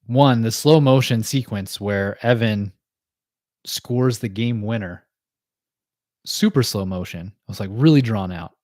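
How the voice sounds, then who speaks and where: A man's voice: on the low side, a little mellow, no echo, clean studio sound. A man hosting a casual livestream chat, recapping cartoon episodes in a loose, chatty way with frequent laughs and fillers. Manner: chatty, laughs often, many fillers and quick asides. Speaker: podcast host.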